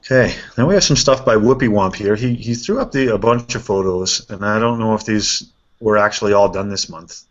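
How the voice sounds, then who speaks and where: A man hosting a casual chat, reviewing painted miniatures in a relaxed way and thinking aloud with fillers. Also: fairly low pitch, a little fast. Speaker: host. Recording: dull lo-fi sound.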